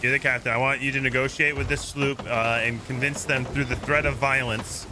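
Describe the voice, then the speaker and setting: A man streaming a pirate game, chatting casually and excitably, laughing and giving orders to his crew. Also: medium pitch, a little fast, hardly any pauses, noisy background. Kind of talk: casual gaming chat.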